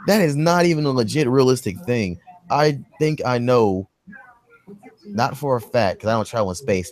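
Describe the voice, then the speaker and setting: A man hosting a podcast, recapping a movie in casual, profane, rambling chat and acting out quotes in a high voice. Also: a little mellow. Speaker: podcast host.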